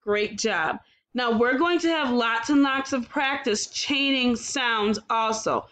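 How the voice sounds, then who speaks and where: A woman teaches young children a phonics lesson, sounding out words slowly and offering frequent praise. Her voice is a little high, with a fairly bright tone.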